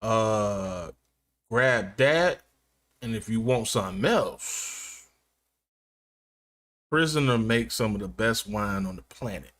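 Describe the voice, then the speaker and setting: A man's voice: lowish voice, slow, long pauses, fairly bright tone. A man live-streaming from his gaming chair at home, chatting casually with viewers, joking and laughing often.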